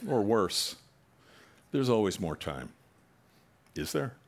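A male pastor delivers a sermon in a fairly low voice. He reads a passage, then wanders into chatty asides and pointed questions put to his listeners. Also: big pitch swings, slow pace. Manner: conversational preaching with asides and rhetorical questions.

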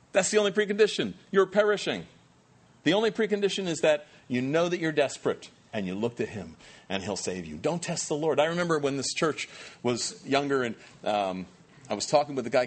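A man preaching a sermon as pastor, animated and humorous, acting out voices. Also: medium pitch. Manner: animated, acts out quoted voices, self-deprecating humor.

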